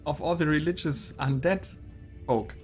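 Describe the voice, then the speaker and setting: A man's voice: on the high side, a little slow, soft background music. A man streaming a video game and chatting about it in an amused, laughing way. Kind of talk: casual gameplay commentary.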